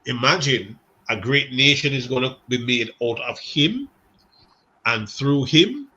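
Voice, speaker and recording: A man's voice: medium pitch, animated, a little slow, bright, forceful tone, highs cut off. A man teaching a seminary Bible class in a conversational way, putting questions to students by name.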